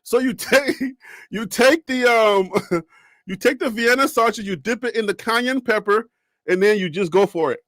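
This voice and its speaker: A young man hosts a sports live stream from home, laughing often and talking right to his viewers. His voice sits high, and the sound is close and dry with no room echo. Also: moderate pace, fairly bright tone. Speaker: sports show host. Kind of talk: casual live-stream chat.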